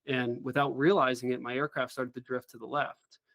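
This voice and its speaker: A middle-aged man, a former helicopter pilot, telling a story as an interview guest in an earnest, animated way. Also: mid-range voice, fairly quick, dry recording.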